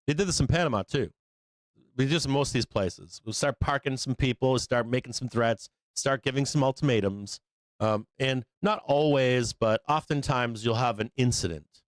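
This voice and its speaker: A man's voice: medium pitch, no room sound. A man hosting a live stock market show, talking in a blunt, profane, rambling way. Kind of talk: casual market commentary.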